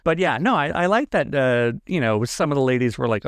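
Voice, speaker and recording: A man co-hosting a casual podcast, talking quickly and animatedly and laughing often. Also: medium pitch, lively intonation, no room sound. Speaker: podcast co-host. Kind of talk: casual chat.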